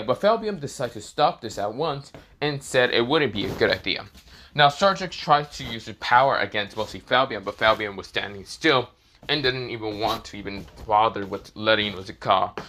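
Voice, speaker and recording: A young man narrating an improvised fan story off the cuff, rambling and casual, swearing freely. His voice is bright and clear, and he keeps circling back on the same filler phrases. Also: on the low side, normal speed, a little hiss or hum. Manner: rambling, casual, swears, repeats "this is where, well".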